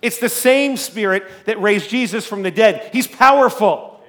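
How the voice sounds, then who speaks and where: A male pastor preaching a sermon, telling a story in an animated, conversational way with a loud speaking voice. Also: sits high, a little slow.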